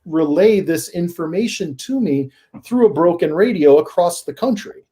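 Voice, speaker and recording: A man guest on a paranormal podcast, telling his stories in a casual, animated way that rises into excited emphasis. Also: a little high, moderate pace. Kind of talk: casual storytelling in a podcast interview.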